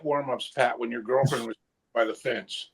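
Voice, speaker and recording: A man's voice: mid-range voice, fairly even intonation, normal speed, slightly rough. A man who started the podcast, chatting casually and telling stories in a laid-back way, laughing easily. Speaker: podcast founder and co-host. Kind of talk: casual round-table chat.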